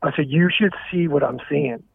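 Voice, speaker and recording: Caller: high-pitched man, halting and frank, heard over a thin dry phone line. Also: creaky, breathy edge, no echo. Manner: halting, frank, stumbling restarts. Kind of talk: candid confessional phone talk. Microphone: telephone.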